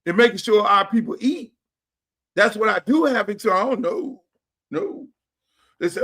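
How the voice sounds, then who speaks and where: Unhurried and given to long pauses, a high-voiced stream host rants to his viewers. He's animated and blunt, cursing and dropping street slang in a casual livestream captured on his setup mic.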